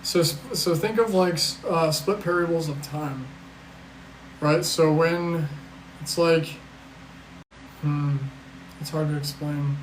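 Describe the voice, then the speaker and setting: A man's voice: fairly high pitch, steady tone, slow pace, pauses often, reverberant, slight background noise, rough recording. Blunt, rambling man on a livestream. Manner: rambling, blunt and profane, with restarts and sarcasm. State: tired. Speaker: livestream host answering chat. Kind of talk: casual live-stream chat.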